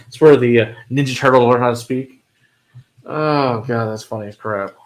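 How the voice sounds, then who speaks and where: A man hosting a whiskey livestream, chatting casually with viewers, answering their comments and laughing often. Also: medium pitch.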